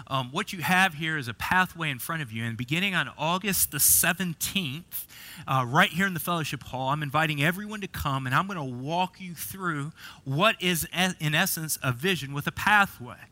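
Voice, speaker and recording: A man's voice: on the high side, expressive, brisk, sharp tone. A middle-aged man preaching a sermon as pastor, telling a story and often repeating and restarting words.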